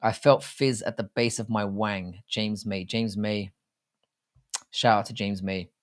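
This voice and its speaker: Unhurried and steady, this lowish-voiced livestream host drifts through casual talk on fight betting, crude and jokey, frequently starting his sentences over.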